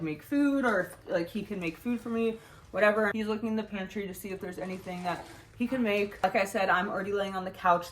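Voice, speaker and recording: A woman's voice: medium pitch, a bit bright. A young woman talking straight to camera from home, rambling through a personal story. Her speech is blunt and casual, sprinkled with swearing and constant "like" fillers. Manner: frank and profane, full of "like" fillers. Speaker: vlogger.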